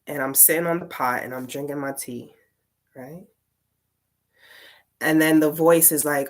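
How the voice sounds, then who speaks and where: Low-voiced woman telling a rambling story. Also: slow, pauses often. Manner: rambling, full of "like" fillers and swearing. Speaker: tarot reader and poet. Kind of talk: casual storytime monologue.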